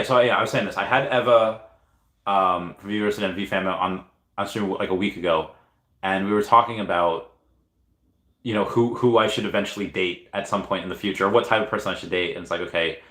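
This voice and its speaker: A man in his thirties talks to his livestream chat in a loose, rambling way, stalling on words and starting over as he thinks aloud. His voice sits a bit low, and it carries an echo from the room around him. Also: pushed and bright. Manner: hesitant, restarts often, reads chat aloud. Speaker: livestream host. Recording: echoey room.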